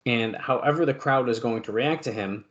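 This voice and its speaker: At a moderate pace, a podcast co-host with a medium-pitched, slightly bright voice reads lengthy news items, mixing in fillers and side comments, though the audio itself sounds dull.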